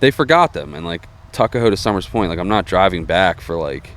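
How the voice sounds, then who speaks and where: A man's voice: sits low, lively intonation, a little fast, a bit bright. A man co-hosting a podcast, rambling in casual chat, hedging a lot and swearing. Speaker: podcast co-host.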